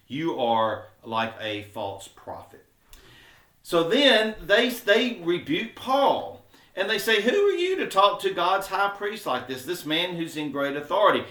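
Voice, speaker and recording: A man's voice: medium pitch, a bit bright. A man teaching a conversational Bible study, explaining informally with fillers and acting out quotes with sarcasm. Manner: acts out quoted speech with sarcasm. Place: church classroom. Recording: roomy echo.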